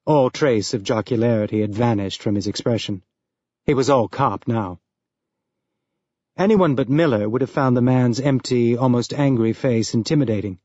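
A man reading an audiobook as narrator, in an even, measured storytelling manner. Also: medium pitch, dry recording. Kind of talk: scripted narration. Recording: dull lo-fi dry recording.

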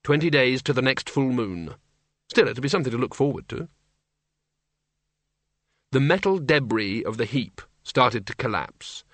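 A man narrates a comic fantasy novel in a measured, dry storytelling manner. His tone is bright and clear. The recording is close and dry. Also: mid-range voice, animated, no room sound. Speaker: audiobook narrator. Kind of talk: scripted narration.

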